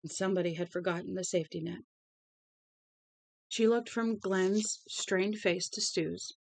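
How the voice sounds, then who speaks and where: A woman's voice: on the low side, a little slow, creaky, no room sound. A woman reading a novel aloud as a storybook narrator. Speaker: audiobook reader.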